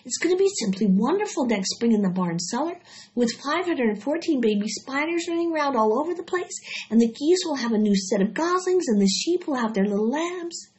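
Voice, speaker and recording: A woman voicing an eager, innocent young male pig who asks excited, wondering questions. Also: high-pitched, brisk, voice pushed up. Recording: dull lo-fi recording.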